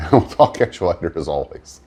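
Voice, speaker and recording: A man with a very deep, low voice chats casually as host of a hobby vlog. He rambles, trails off and restarts often, with plenty of fillers. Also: sing-song, moderate pace, dark tone, breathy edge. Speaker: model-building channel host. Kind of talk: casual morning vlog chat.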